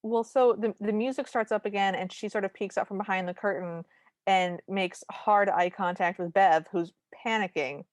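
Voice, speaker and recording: A woman's voice: medium pitch, fairly even intonation, normal speed, no echo. A woman co-hosting a podcast, casually recapping a movie's plot beat by beat with dry asides. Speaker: podcast co-host.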